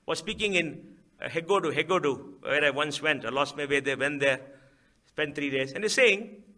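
A man's voice: on the high side, normal speed, bright, forceful tone. A man with an Indian accent giving a public speech at a book event, emphatic, asking rhetorical questions and repeating key phrases. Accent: Indian English.

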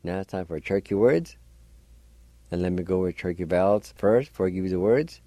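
A man's voice: deep voice, fairly quick, warm tone, dry recording. A man teaching language on the radio, patiently spelling out and pronouncing words letter by letter. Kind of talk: slow spelling and pronunciation lesson.

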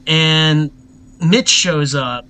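The recording is rough, but the voice itself is clean: a young male podcast co-host, on the high side, speaking very slowly with a bright, forceful tone. He keeps things loose and profane in casual chat, laughing often.

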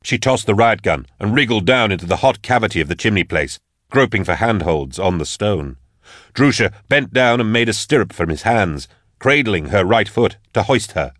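A man reads a tense story in a measured, dramatic way. His voice is fairly low but moves a lot in pitch. The sound is close and dry, with no room. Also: lively intonation, a bit bright, dry recording. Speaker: audiobook narrator. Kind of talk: scripted narration.

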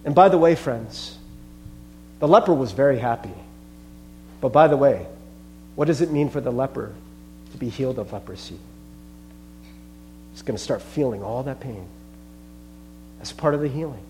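A man's voice: mid-range voice, lively intonation, moderate pace, long pauses, darkish tone, slight background noise. A male pastor preaching a sermon in an earnest, conversational way, often calling the listeners friends.

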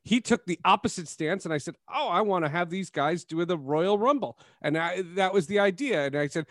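Animated man hosting a sports podcast. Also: sits high, a little fast, hardly any pauses, no room sound, clean studio sound. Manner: animated storyteller, laughs often. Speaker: podcast host. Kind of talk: casual sports podcast chat.

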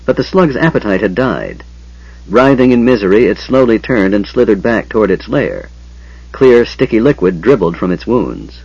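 A man narrating a fantasy audiobook with a dramatic, expressive reading. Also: lowish voice, normal speed, gravelly, slightly rough, no room sound. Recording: dull lo-fi sound.

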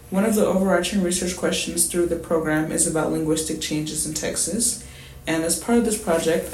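A man's voice: a little high, darkish tone. A man interviewing, speaking politely and formally as he thanks the guest and explains a request. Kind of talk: scripted interview questions. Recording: echoey room with faint noise.

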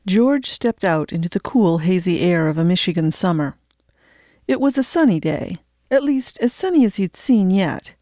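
A woman narrating an audiobook in a steady, measured storytelling voice. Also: on the low side, no echo, studio quality.

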